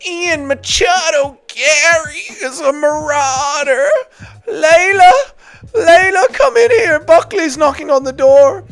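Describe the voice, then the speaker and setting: A man doing a shrill, preening fighter. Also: slow, gravelly, fairly bright tone, soft background music, full character voice. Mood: mocking. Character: shrill, cocky young male fighter giving a victory speech. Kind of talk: comic impression on a livestream.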